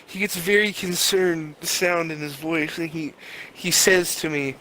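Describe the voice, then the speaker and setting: A man's voice: fairly high pitch, steady tone, unhurried, bright, forceful tone, a little hiss or hum, rough recording. A young man co-hosting a podcast, narrating an improvised comic story in a rambling, crude, playful way. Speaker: podcast co-host.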